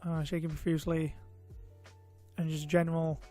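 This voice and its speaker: A man with a warm, fairly high voice speaks at a moderate pace with little rise and fall. He's telling a personal story on his vlog, sounding tired and a bit loopy, wandering along with plenty of "uh" and "you know" and poking fun at himself. Faint music plays in the background.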